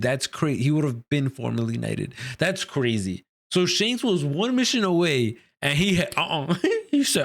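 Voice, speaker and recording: A man hosting a casual reaction to a comic chapter, excitable and slangy, laughing often. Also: fairly high pitch, measured pace, vocal fry.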